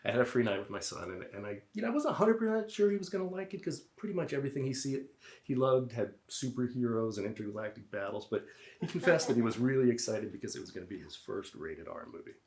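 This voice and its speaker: A man's voice: medium pitch, expressive, quick pace, a little mellow. A man in his fifties from the Boston area telling a personal story live, with a wry, self-deprecating, conversational delivery. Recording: roomy venue sound.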